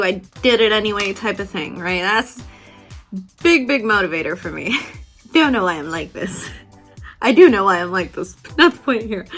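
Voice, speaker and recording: A woman vlogger talks through self-doubt while doing her makeup, frank and full of swearing, with quick laughs. Her pitch sits in the middle range, and she swings from loud outbursts to soft, gentle passages. Faint music plays under her voice. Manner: candid, profane, laughs often, swings between loud and soft. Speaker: beauty vlogger. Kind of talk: casual motivational talk while doing makeup.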